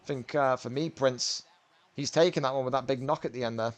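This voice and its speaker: A man's voice: medium pitch, brisk. A man hosting and commentating a video game fighting event, chatty and bantering as he rambles through the action. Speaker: commentator and host.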